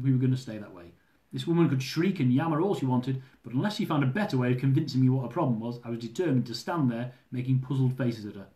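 Man telling a comic story aloud. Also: medium pitch. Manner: lively, dramatic storytelling with comic swearing. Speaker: author reading his own book. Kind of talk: live reading of a humorous travel memoir. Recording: roomy echo.

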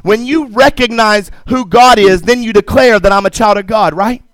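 A man's voice: sits high, moderate pace, a bit bright, dry recording. A man preaching a sermon, emphatic, repeating phrases and calling out to the congregation. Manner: emphatic preaching with repetition and call-and-response asides. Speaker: pastor. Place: church sanctuary.

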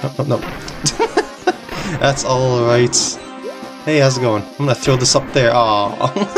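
A video game commentator talking casually through a playthrough, excitable and giggling often, over game music. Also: mid-range voice, unhurried. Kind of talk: casual let's-play commentary.

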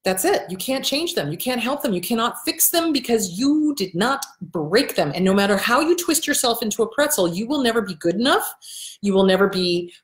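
A woman's voice: fairly high pitch, lively intonation, brisk. Blunt, emphatic woman counselor in an echoey room. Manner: blunt and emphatic, repeats key phrases, swears casually; acts out quoted people in a shifted voice. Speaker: host and counselor answering viewer questions. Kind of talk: casual advice talk to camera. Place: indoors in front of a backdrop.

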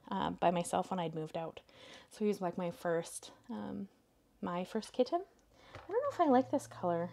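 A young Canadian woman hosts a crafting live stream, chatting casually with viewers and her cat as she works, chatty and indecisive. Her voice is a little high, creaky, and slightly mellow.

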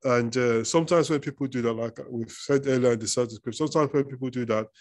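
A man's voice: mid-range voice, quick pace. Man preaching a conversational sermon. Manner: conversational teaching, reads scripture aloud, repeats words. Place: church.

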